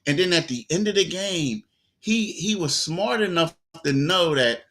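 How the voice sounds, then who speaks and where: A man co-hosting a sports talk show, telling stories in a loose, animated way with lots of quoted asides. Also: fairly high pitch, unhurried.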